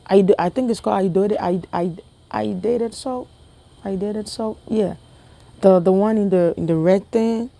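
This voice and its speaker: A Ghanaian woman vlogger with a Ghanaian accent tells a story casually, talking straight to her viewers and tossing them rhetorical questions. Her medium-pitched voice is warm and creaky, at a moderate pace.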